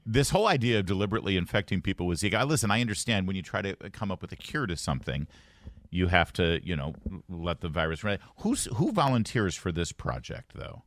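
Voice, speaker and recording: A man with a lowish voice hosts morning talk radio and reads the news with a wry, joking edge. The studio sound is close and dry, with no room in it. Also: a bit bright, dry recording. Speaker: radio talk show host. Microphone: studio mic.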